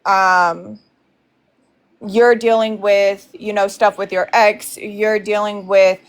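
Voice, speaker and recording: A woman's voice: mid-range voice, flat delivery, slow, clear, resonant tone. Rambling woman telling her side. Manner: rambling, many fillers. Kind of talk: casual recounting of a fight.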